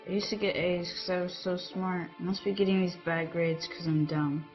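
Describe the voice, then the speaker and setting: A woman's voice: on the low side, level tone, moderate pace, faint music behind, lightly acted. A woman voicing a schoolboy who mutters to himself about his grades. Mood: dejected. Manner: mopey self-talk, repeats words. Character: schoolboy Michael, discouraged by bad grades. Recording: dull lo-fi audio.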